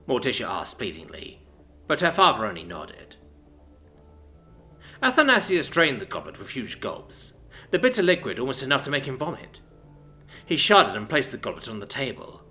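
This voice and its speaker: Man narrating with a lively, bright voice. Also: medium pitch. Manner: expressive, dramatic reading. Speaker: story narrator. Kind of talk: scripted story narration.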